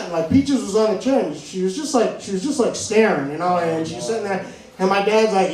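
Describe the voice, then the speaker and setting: A man's voice: high voice, quick pace, a little mellow. A man from New England doing stand-up, telling a rambling story full of "like" and restarts, laughing at himself. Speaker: stand-up comedian. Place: comedy venue stage. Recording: echoey room heard from far off.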